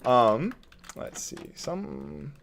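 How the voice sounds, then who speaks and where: A man's voice: medium pitch, wildly swooping pitch, very slow, gravelly, fairly bright tone, slight background noise. A man streaming a building game from his desk at home, thinking aloud in casual commentary, reading chat and chuckling often.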